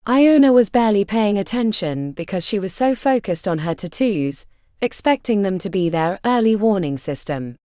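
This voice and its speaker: Expressive woman audiobook narrator. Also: medium pitch, moderate pace, no echo, studio quality. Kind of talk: scripted narration.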